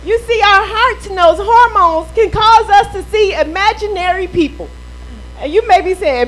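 A woman's voice: extremely high pitch, moderate pace, fairly bright tone, low-quality recording. A middle-aged woman pastor preaching a sermon in a playful way, acting out quoted voices and laughing often.

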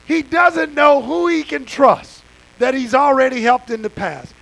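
A man preaches with fervor, talking straight to his congregation in a folksy, plainspoken way. His voice sits unusually high for a man. It also carries a gravelly edge. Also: animated, a little slow, fairly bright tone, poor audio. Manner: impassioned, conversational preaching with folksy asides. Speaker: pastor. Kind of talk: sermon.

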